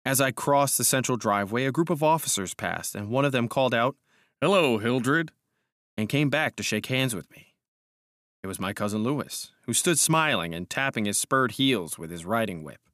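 A man narrating an audiobook in a measured, calm, steady way. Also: medium pitch, no echo, studio quality. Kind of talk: scripted narration.

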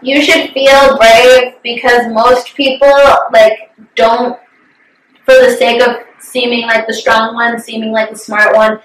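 A woman's voice: fairly high pitch, flat delivery, measured pace. Candid young woman, roomy and distant. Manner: candid, swears freely, emotional storytelling. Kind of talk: casual chat.

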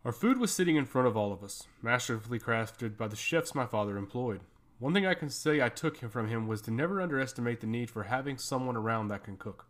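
A man's voice: mid-range voice, lively intonation, fast. Man reading a fantasy story aloud. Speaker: narrator.

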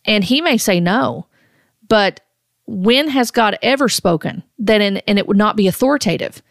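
A middle-aged woman gives earnest, deliberate commentary, often stopping to restart a sentence. Her voice sits at a middle pitch with a gravelly, creaky texture. The sound is dry and close, with no room around it. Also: animated, dry recording. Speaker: host. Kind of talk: critical commentary on prophecy videos.

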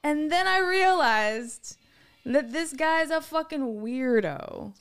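A woman's voice: high voice, lively intonation, takes it slowly, fairly bright tone. A young woman in casual podcast chat, telling a story with lots of laughing and reading messages aloud. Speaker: guest.

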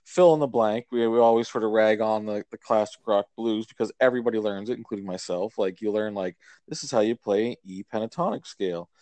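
A man talks shop about guitars and records in a loose, rambling way, full of fillers and restarts. His voice sits low. The sound is dry and close, with no room around it. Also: fast talker, few pauses, darkish tone, dry recording. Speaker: podcast co-host. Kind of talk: casual chat about records.

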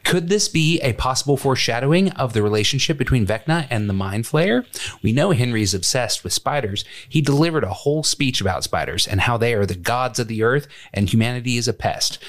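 Man briskly reading a listener email. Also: medium pitch. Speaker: podcast co-host reading listener mail.

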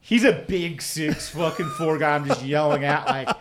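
A man's voice: on the high side, lively intonation, moderate pace, crowd noise. Male podcast host, casual chat, swears freely, rambles. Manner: profane, rambling storyteller.

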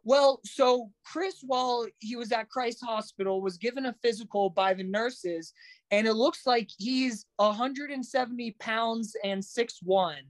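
A man voicing a male courtroom attorney who asks calm, pointed questions in a raised pitch. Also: a little slow, no room sound.

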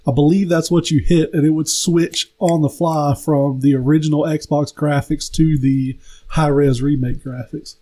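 A young man with a slightly raised pitch and a mellow, warm tone, co-hosting a relaxed podcast. He keeps dropping in fast wisecracks and keeps answering with an easy "oh, yeah.". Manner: quick joking asides, says "oh, yeah" a lot. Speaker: podcast co-host. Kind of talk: casual chat.

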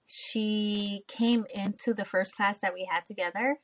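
A woman hosts a podcast in relaxed, casual chat, at a middle pitch that is neither high nor low. She speaks candidly and swears freely, and she often slips into her own past remarks as she tells a story. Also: measured pace, slight background noise. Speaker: podcast host.

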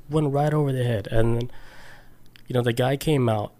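A man's voice: mid-range voice, normal speed, dark tone. Podcast guy telling a story, mid voice, laid back, swears a lot. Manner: loose, swears, laughs often. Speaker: podcast co-host. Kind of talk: casual chat, storytelling.

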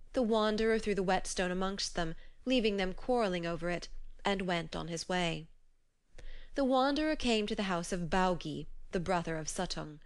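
A woman narrating a myth in a measured storybook reading, slowing on key phrases. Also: lowish voice, clean tone.

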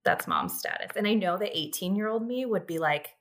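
A woman's voice: mid-range voice, fairly quick. A woman in her thirties, a podcast guest, chatting casually and laughing often as she tells a story. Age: 30s. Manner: giggly, animated storytelling.

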